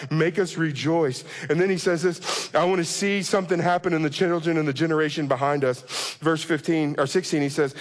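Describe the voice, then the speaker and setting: A preacher man with a high voice delivers an impassioned sermon. He swings into pleading, prayer-like passages as he acts out a cry to God. His voice rings with the long reverb of a big hall. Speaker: pastor.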